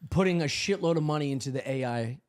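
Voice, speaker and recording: A man with an ordinary middle-pitched voice, talking through a loose comedy podcast. He rambles from one crude riff to the next with a deadpan edge. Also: fast talker. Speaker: podcast co-host or guest. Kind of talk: casual comedy chat.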